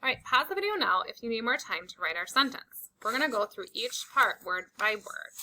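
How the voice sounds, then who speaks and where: A woman teaching a slow, patient phonics lesson to young children, stretching out and repeating each word for emphasis. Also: on the high side, big pitch swings, background noise. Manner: drawn-out, emphatic word repetitions.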